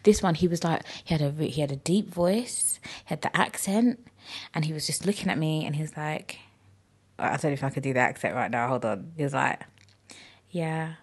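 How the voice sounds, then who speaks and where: A young woman telling stories casually on a podcast, animated and full of "like" and swearing. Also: brisk, slightly rough. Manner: chatty, animated, frequent "like" and swearing; acts out quoted people in high squeaky voices. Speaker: podcast host. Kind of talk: casual storytelling chat.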